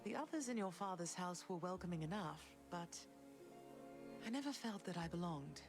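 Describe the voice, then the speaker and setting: A woman voicing a gentle, sorrowful goddess mother in a video game, speaking tenderly to her son. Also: fairly low pitch, animated, moderate pace, over music, natural voice. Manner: tender, wistful.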